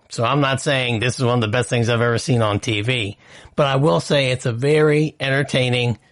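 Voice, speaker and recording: Chatty man ranting on a podcast. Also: medium pitch. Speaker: podcast host. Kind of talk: casual podcast commentary.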